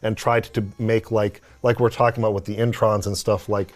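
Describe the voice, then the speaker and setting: A man's voice: fairly low pitch, flat delivery, brisk. A man hosting a stream, chatting casually and thoughtfully about a video game, rambling with many fillers. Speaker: streamer host.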